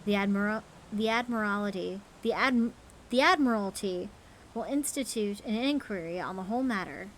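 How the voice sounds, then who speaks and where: A woman's voice: mid-range voice, normal speed, a little hiss or hum, close to an everyday voice, poor audio. A woman doing a formal news reporter. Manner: formal newsreader delivery. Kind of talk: dramatic reading of a newspaper clipping.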